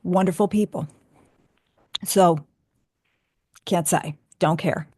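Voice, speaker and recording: A woman's voice: on the low side, steady tone, takes it slowly, a little mellow, slightly rough, no echo, clean studio sound. A woman hosting a radio show, chatting candidly and with feeling as she answers listener questions. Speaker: radio show host and author.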